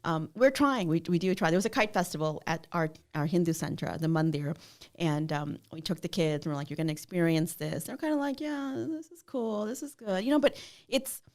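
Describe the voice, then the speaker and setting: A middle-aged woman guest telling stories in a casual interview, animated and laughing often. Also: deep voice, brisk. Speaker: podcast guest.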